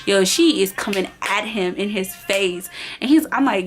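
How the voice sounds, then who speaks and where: A woman's voice: medium pitch, moderate pace. Slangy young woman telling a storytime. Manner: animated, slangy, acts out every voice in the story. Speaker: vlogger. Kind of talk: casual storytime.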